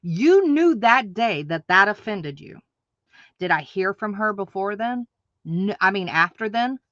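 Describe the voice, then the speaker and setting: A woman with a bright, forceful voice vents at length to her livestream audience, hammering her points home with repetition and indignation. The sound is dry and a little dull, as if from a modest mic. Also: medium pitch, lively intonation, unhurried, dry recording. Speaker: online craft market host. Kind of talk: ranting livestream monologue.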